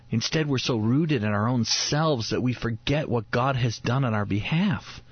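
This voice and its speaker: A man's voice: medium pitch, moderate pace, few pauses, breathy edge, dry recording. A man in his thirties hosting a devotional radio talk, earnest, often repeating words as he builds a point. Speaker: radio host. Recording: dull lo-fi radio recording.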